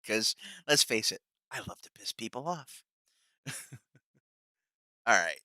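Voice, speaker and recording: A man hosts a stream in loose, rambling chat, chuckling between thoughts. His voice is bright and crisp, and it sits close and dry on the mic. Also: mid-range voice, animated, slow, dry recording. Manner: rambling, laughing, many fillers. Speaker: streamer host. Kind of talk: casual chat.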